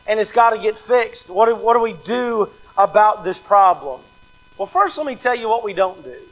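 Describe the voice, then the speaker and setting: A man's voice: high voice, fairly bright tone, poor audio. A man preaching a sermon as pastor, emphatic and repetitive, acting out the excuses people make. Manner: emphatic, repeats key lines, acts out quoted excuses.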